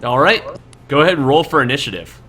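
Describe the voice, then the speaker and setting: A man narrating as game master of a tabletop game, halting with many fillers and restarts. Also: medium pitch, very animated, bright, forceful tone.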